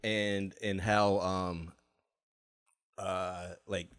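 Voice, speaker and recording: Low-voiced rambling man, dry mic. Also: little pitch movement, a bit bright, clear, resonant tone, dry recording. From Virginia, USA. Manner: rambling, halting with many fillers and restarts. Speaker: podcast guest. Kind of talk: casual chat.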